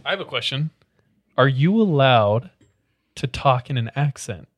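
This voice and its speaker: A man co-hosting a podcast, chatting casually and telling lively stories, often laughing as he talks. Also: mid-range voice, measured pace. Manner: animated storyteller, laughs often. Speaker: podcast co-host. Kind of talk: casual chat.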